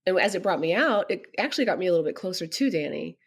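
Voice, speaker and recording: A middle-aged woman, a podcast guest, telling a personal story earnestly and growing animated when she quotes others. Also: on the low side, rapid-fire, slightly rough.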